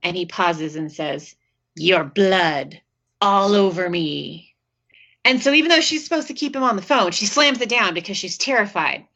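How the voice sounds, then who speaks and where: A woman's voice: medium pitch, sing-song, a little fast, hardly any pauses, pushed and bright, highs cut off. A woman podcast co-host telling a scary story in casual chat, with wry, sarcastic asides.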